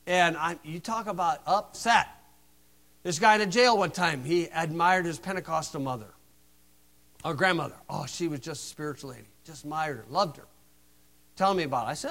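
High, bright-voiced sarcastic male preacher. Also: fairly quick. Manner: sarcastic, animated storytelling. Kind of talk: informal sermon with anecdotes.

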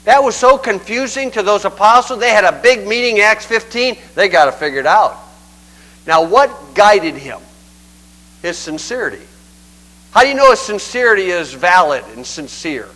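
A man's voice: sits high, lively intonation, moderate pace, sharp tone, poor audio. An older man preaching a sermon in a folksy, conversational way, acting out scripture quotes.

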